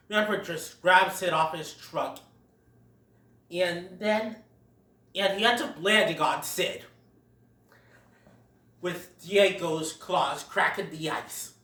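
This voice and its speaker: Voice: medium pitch, drawn-out words, long pauses, bright, forceful tone. A film reviewer recapping scenes in a casual way, often breaking into laughter. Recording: roomy sound, far from the mic.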